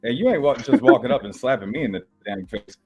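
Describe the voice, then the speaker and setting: A man's voice: medium pitch, very animated, quick pace, loud music behind the voice. A man, a wrestler, trash-talking on a podcast in a boastful, slangy, swaggering way.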